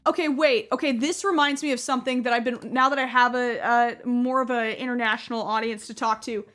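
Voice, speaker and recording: A young woman chatting casually to her live-stream viewers while she plays, talking excitedly and sometimes getting loud when surprised. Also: fairly high pitch, brisk, soft background music. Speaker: gaming streamer.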